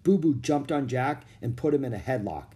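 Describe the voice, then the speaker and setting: A man narrating a children's storybook with an expressive reading. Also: mid-range voice, moderate pace.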